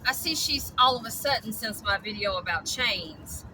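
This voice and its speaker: A woman's voice: fairly high pitch, animated, normal speed, few pauses, sharp tone, a little hiss or hum, poor audio. A woman, ranting bluntly and profanely in a vlog about dog rescue.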